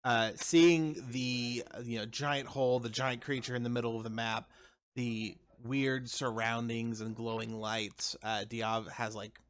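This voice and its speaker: A man playing a tabletop game, describing his character's actions with filler pauses. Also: medium pitch, level tone, a little hiss or hum. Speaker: player.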